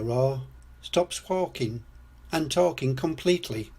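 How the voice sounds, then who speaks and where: Slow husky grandad storyteller. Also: male voice, medium pitch, expressive. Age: older. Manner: slow gentle read-aloud. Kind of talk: reading a children's storybook aloud.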